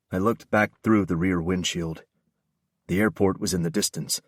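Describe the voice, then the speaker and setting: A man with a very deep, low voice reads a first-person audiobook in an intense, brooding way. He is close to the mic, and the sound is dry with no room echo. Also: steady tone, normal speed. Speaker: audiobook narrator.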